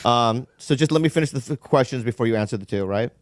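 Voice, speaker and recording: A middle-aged man hosting a podcast in a casual chat, teasing playfully with quick giggles and stumbling restarts. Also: medium pitch, no room sound, studio quality. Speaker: podcast host.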